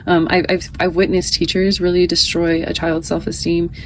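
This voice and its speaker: A woman's voice: fairly low pitch, level tone, normal speed, a little hiss or hum, poor audio. A woman in her thirties giving a casual, chatty tarot reading, often reading card text aloud.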